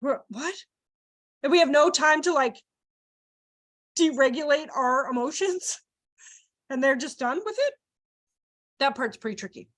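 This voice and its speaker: A young woman leading a child care training workshop, joking with the audience and acting out quoted voices in a lively way. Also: sits high, measured pace, pauses often. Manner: animated, acts out quoted voices, jokes with the audience.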